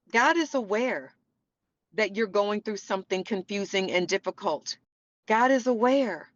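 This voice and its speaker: A woman's voice: mid-range voice, no room sound, dull audio. A woman hosting a faith-based podcast, talking earnestly and preachily to her listeners. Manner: earnest, preachy, says y'all often. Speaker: podcast host. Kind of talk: faith-based motivational talk.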